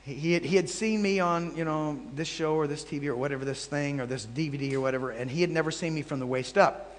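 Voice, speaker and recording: A man teaching a live audience as a traveling Bible teacher, telling animated anecdotes with jokey asides to the crowd. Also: on the high side, quick pace. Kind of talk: storytelling sermon. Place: large hall before a live audience. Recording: long hall reverb.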